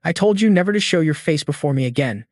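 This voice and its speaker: A man's voice: on the high side, expressive, fast talker, no room sound, clean studio sound. A man voicing a contemptuous old clan elder in a manhwa recap, speaking with scorn and threats. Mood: scornful.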